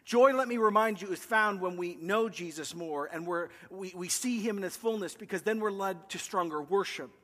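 Pastor, male, high bright voice, animated storyteller, large reverberant hall. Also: moderate pace, few pauses. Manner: animated storyteller, acts out voices and jokes with the congregation. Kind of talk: sermon with a personal story. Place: church hall with a live congregation.

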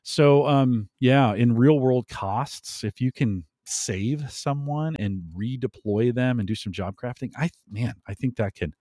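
A man talking as a podcast guest in an animated way, laughing often and pushing up his voice for emphasis. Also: medium pitch, measured pace, few pauses, no echo, studio quality. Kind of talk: conversational interview.

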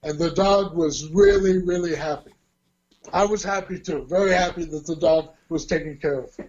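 A man's voice: on the high side, normal speed. A man casually telling a long personal story, acting out the quoted dialogue as he goes. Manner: animated, acts out quoted dialogue. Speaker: guest telling a life story. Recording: dull lo-fi audio.

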